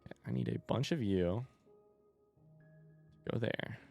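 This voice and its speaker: Gravelly man muttering through a game. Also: on the low side, unhurried, mellow, faint music behind. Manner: thinks aloud while building, counting and muttering; dry sarcastic joking with chat. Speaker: streamer. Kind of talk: casual gameplay commentary.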